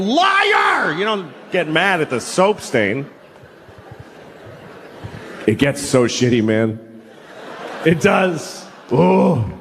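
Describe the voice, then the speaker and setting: A middle-aged man from New York doing a stand-up comedy set, telling stories with sudden high-pitched acted outbursts. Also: a little hiss or hum. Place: comedy stage before a laughing audience.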